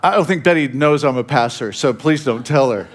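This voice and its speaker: A male pastor preaching in a relaxed, humorous way, telling a self-mocking story with chuckling asides. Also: mid-range voice, a little fast. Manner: conversational, with fillers and restarts. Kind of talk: sermon storytelling.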